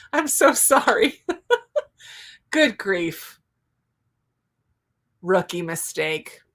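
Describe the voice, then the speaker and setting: A woman's voice: mid-range voice, big pitch swings, very slow, long pauses, a bit bright. A woman with a Southern US accent hosting a casual livestream, chatty and giggly, with frequent exclamations as she reads out viewer comments. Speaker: livestream host.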